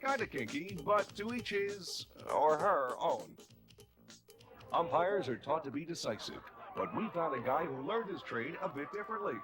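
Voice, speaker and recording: A man narrates bloopers in a wry, teasing tone. His voice sits fairly high and swings widely in pitch. Loud music runs under him. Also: sing-song, normal speed.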